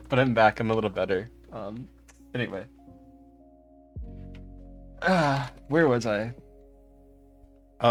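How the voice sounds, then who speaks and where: A young man chatting casually on a stream while crying, halting and soft, laughing through his tears. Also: medium pitch. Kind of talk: casual chat.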